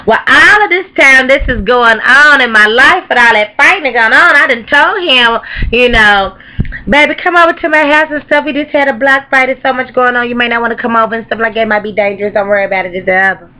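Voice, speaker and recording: Woman, high-pitched, comedic storytelling vlog, brash, profane, gossiping. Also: fairly quick, pushed and bright, poor audio. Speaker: comic storyteller.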